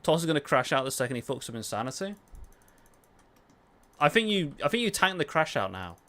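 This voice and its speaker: A man's voice: fairly high pitch, brisk. A young man streaming a game, chatting casually with his viewers, answering their questions and swearing now and then. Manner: relaxed, swears casually, answers chat while playing. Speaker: gaming livestreamer. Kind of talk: casual livestream chat.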